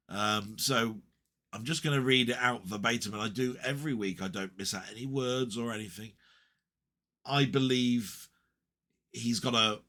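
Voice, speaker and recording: A man's voice: on the low side, pushed and bright. Rambling, heartfelt man vlogging. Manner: rambling and heartfelt, with fillers and restarts. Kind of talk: casual chat to camera.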